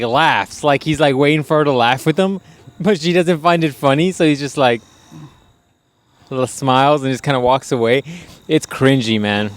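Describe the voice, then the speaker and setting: A man's voice: medium pitch, clear, resonant tone. A man chats loosely on a podcast, telling rambling, crude stories. He swears freely and breaks into laughs between points. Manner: rambling, profane, laughing storyteller. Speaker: podcast host. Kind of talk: casual chat.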